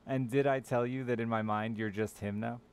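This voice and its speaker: A man's voice: medium pitch, fairly even intonation, a little fast, darkish tone, clear, resonant tone. A man streaming a game live, chatting casually with viewers in a sardonic, teasing way and swearing freely. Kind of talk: casual gaming stream chat.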